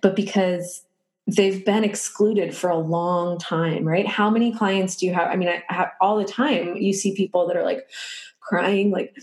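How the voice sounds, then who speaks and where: A woman's voice: on the low side, steady tone, unhurried, darkish tone. A woman in her thirties, a podcast guest speaking casually with lots of filler words and frequent laughter, recorded in a room at her home. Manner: rambling, filler-heavy, laughs often. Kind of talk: casual conversation. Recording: roomy echo.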